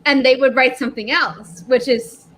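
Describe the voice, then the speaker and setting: A woman's voice: sits high, steady tone, normal speed, fairly bright tone, slight background noise. A woman from New York telling chatty stories in a casual group video chat. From New York, USA. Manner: chatty storytelling.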